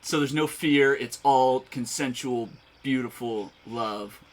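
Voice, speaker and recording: A man's voice: mid-range voice, slow, low-quality recording. A man hosting a live chat show, upbeat and teasing as he runs a question game. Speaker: podcast host.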